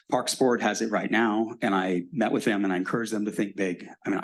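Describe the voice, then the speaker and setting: A middle-aged man, the mayor, answering residents' questions at a public meeting in a frank, explanatory, conversational way. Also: on the low side. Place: city hall meeting room.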